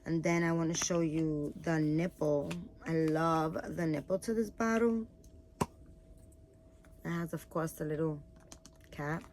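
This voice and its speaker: Tired woman rambling to the camera, kinda low voice, faint hum in the room, lots of um and like. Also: steady tone, unhurried, pauses often. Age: adult, has a daughter. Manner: chatty, rambling, many fillers. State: tired, yawning. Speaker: vlogger showing baby doll items. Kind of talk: casual chat to camera.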